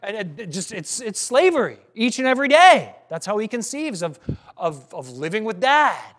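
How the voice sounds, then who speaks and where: A man preaching a sermon, earnest and questioning, with dramatic pauses and some restarts. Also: high voice, big pitch swings, fairly bright tone.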